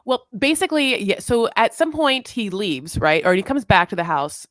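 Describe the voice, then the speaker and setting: A woman's voice: mid-range voice, very animated, moderate pace, a bit bright, no room sound. A woman co-hosting a casual recap chat, telling the story with dramatic asides. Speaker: podcast co-host.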